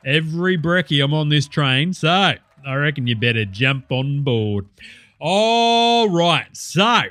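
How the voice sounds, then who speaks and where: A man's voice: on the high side, bright, forceful tone, slight background noise. A man voicing a laid-back blokey cooking-show host with an Australian accent, crude and full of swearing and matey banter. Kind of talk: comedy cooking-show parody.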